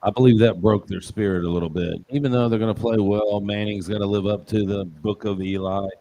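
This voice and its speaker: A man's voice: fairly low pitch, fairly even intonation, a little fast, dark tone, a little hiss or hum. A man co-hosting a casual football picks show, joking and rambling with punchy asides. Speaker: show co-host. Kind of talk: casual sports betting chat.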